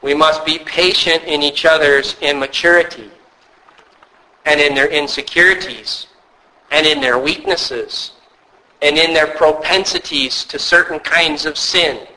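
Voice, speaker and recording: Male pastor, sermon delivery, earnest and measured, slightly raised pitch. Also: sharp tone, low-quality recording. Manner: earnest, measured preaching with storytelling asides.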